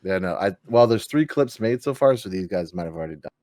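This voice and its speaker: Low-voiced man rambling on a stream. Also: animated, fast, a little mellow, no room sound, clean studio sound. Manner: rambling, loose with fillers and swearing. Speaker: podcast host. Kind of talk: casual live-stream chat.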